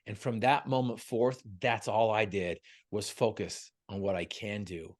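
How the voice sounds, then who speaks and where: A man's voice: on the low side, steady tone, normal speed, few pauses. A man, a guest on an interview show, telling a personal story in an earnest, emotional way with frequent stumbles and repeated words. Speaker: guest, motivational speaker. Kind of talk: heartfelt storytelling.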